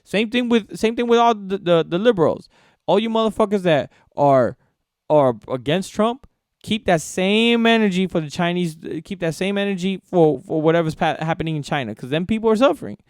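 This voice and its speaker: Profane ranting podcast host, smooth voice. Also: male voice, high-pitched, lively intonation, fairly quick, no room sound, studio quality. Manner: heated, profane, repeats himself. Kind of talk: solo sports podcast rant.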